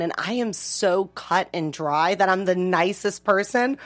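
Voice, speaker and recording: A woman telling a personal story as an interview guest, expressive and dramatic, often laughing. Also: lowish voice, measured pace. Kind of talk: animated storytelling.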